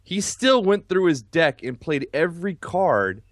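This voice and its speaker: A man co-hosting a casual gaming podcast who complains in an animated, indignant way while he plays. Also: on the high side, unhurried, dry recording, clean studio sound. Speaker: podcast co-host.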